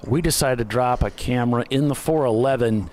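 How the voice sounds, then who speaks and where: A man co-hosting live race commentary, chatty and relaxed, with easy laughs. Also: mid-range voice, fairly quick.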